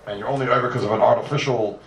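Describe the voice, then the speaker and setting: A man gives an animated Talmud lecture as a Torah teacher, firing rhetorical questions at his listeners. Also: medium pitch, rapid-fire, slight background noise. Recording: roomy echo from far off, faint ambience.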